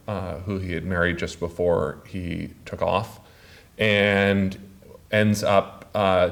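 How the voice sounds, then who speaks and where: Slow, halting man giving a lecture. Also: sits low. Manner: slow, halting, many uh fillers. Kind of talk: public lecture.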